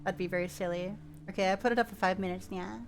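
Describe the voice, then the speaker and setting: A woman's voice: mid-range voice, steady tone, fast, a little hiss or hum. Playful woman streamer chatting. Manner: playful, chatty, talks to viewers. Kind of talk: casual game stream chat.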